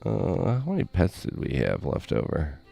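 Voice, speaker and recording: A man's voice: deep voice, huge pitch swings, moderate pace, gravelly, warm tone, husky, faint music behind. A man hosting a gaming stream, telling a rambling casual story with lots of 'like'. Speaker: stream host.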